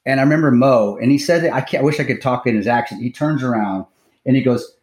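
A man's voice: mid-range voice, quick pace. Man telling a story with lots of swearing. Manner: animated storyteller, swears freely, frequent restarts. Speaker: podcast host. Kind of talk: casual podcast storytelling.

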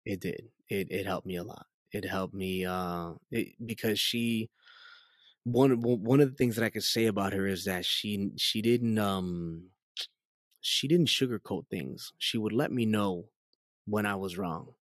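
A man in his late thirties speaks with a somewhat low voice, recorded dry and close in a studio. He tells his story in a chatty, rambling way, leaning on fillers and acting out what people said. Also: measured pace, no echo. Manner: chatty, many fillers, lively quoted dialogue. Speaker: guest giving testimony. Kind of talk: casual storytelling interview.

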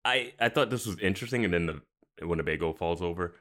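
A man's voice: sits low, quick pace, fairly bright tone. A man co-hosting a podcast in casual chat, easygoing and laughing often. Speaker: podcast co-host.

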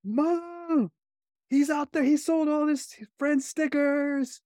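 A man voicing his sister as a child, with a high voice and an accusing, tattling manner. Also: steady tone, slow pace, a little mellow, dry recording, clean studio sound. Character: scolding sister tattling to mom.

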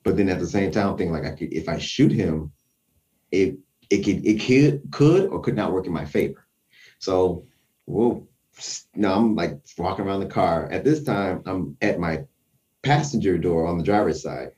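A man casually telling a tense personal story, acting out his own quotes with lively shifts. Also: sits low, moderate pace, recorded from a distance.

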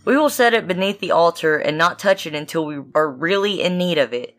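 A woman's voice: lowish voice, animated, a little fast, faint music behind, close to an everyday voice. A woman reading as a sly, greedy storybook cat. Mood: coaxing. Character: sly greedy female cat, smooth liar.

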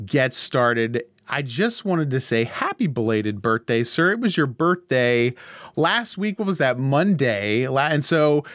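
A man hosting a gaming podcast in easygoing chat, upbeat and quick to laugh. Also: medium pitch, very animated, fairly bright tone, no echo, clean studio sound. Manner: upbeat, chatty, laughs easily. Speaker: podcast host.

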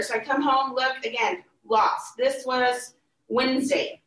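Woman storyteller, high voice, expressive, recorded at a distance. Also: unhurried. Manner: animated, acts out quoted voices, laughs through tears. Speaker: podcast guest telling a story. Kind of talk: casual storytelling chat. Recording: echoey room, mic at a distance.

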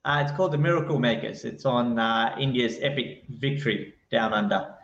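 Male guest author, insistent and animated; roomy, dull remote recording. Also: medium pitch, a little fast. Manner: animated, insistent, repeats points. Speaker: guest author, cricket writer. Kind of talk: casual cricket podcast chat.

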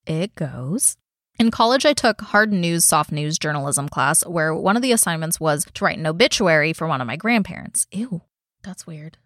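A woman's voice: low voice, animated, moderate pace, a bit bright, no echo, clean studio sound. A young woman in her twenties co-hosting a podcast, reading listener stories aloud and cutting in with blunt, profane reactions. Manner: blunt, swears freely, interrupts her own reading with reactions. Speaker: podcast co-host.

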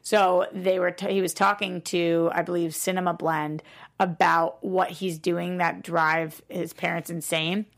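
A woman's voice: on the low side, little pitch movement, unhurried, vocal fry. A woman co-hosting a casual movie news chat, teasing her partner and reading quotes aloud. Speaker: co-host.

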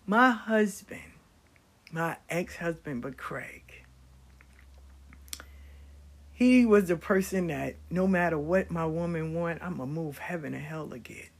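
A middle-aged woman telling stories about her life in a casual, blunt and animated way, swearing freely. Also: lowish voice, slow pace, pauses often. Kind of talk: casual storytelling.

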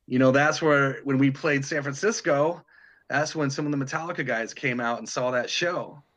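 At a normal speed and medium pitch, with a bit of brightness, a middle-aged guitarist from Detroit, Michigan, shares road stories in an easygoing interview. He rambles, restarts frequently and lets a swear slip occasionally.

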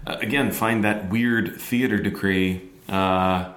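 Man, lowish voice, halting, podcast host, roomy echo. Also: steady tone, fairly bright tone. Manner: hesitant, many "uh" fillers and restarts. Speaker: podcast host, business lecturer. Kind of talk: casual podcast interview. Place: campus room by a window.

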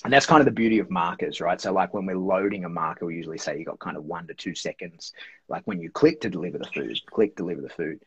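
A very low-voiced, husky man talks through dog training as an interview guest, rambling and leaning on "like" and "right?". The recording sounds dull and lo-fi. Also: quick pace, no room sound. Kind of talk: casual explanatory interview talk.

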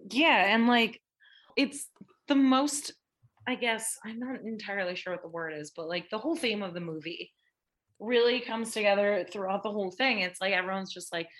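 A young woman co-hosting a casual film review chat, animated and laughing. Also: mid-range voice, normal speed. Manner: animated, laughing, heavy with fillers. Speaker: podcast co-host.

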